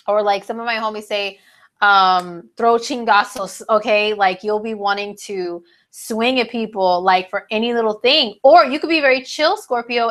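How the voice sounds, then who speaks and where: A woman's voice: medium pitch, a bit bright. Chatty, slangy woman astrology vlogger. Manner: chatty and slangy, with many fillers. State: a little stuffy, sinusy. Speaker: astrology video host. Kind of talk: casual talk to camera.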